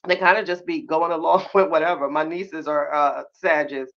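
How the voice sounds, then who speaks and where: A woman hosting a podcast in casual live-stream chat, talking with sass, drawn-out exclamations and frequent laughter as she reacts to viewers. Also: deep voice. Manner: sassy, animated, laughs often; drawn-out exclamations and slangy asides. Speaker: podcast host. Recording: slightly muffled lo-fi sound.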